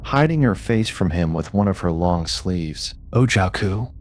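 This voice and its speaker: A man narrating classic ghost stories for sleep in a measured, expressive reading. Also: low voice, a little hiss or hum. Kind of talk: storytelling for sleep.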